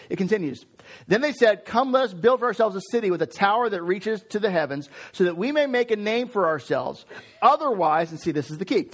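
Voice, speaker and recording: A man teaching a casual Bible lesson to camera, conversational and jokey, checking in often with "okay?". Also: high voice.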